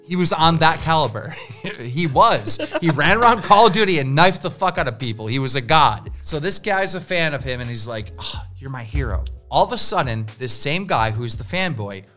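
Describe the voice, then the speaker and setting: A man spins a story on a podcast, his high voice jumping all over the place. He swears freely and acts out every person he quotes, with a bright, sharp tone and faint music underneath. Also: expressive, moderate pace. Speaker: podcast guest telling a story. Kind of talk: animated storytelling in casual chat.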